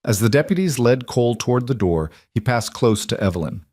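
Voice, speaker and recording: A man narrating a western story in a measured, dramatic way. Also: medium pitch, expressive, darkish tone, no room sound, studio quality. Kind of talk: scripted narration.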